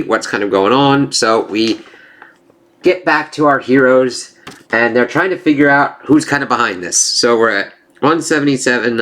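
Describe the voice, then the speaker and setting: A man casually reviewing a comic book issue, rambling and excitable, often reacting with "it's like" asides. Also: mid-range voice.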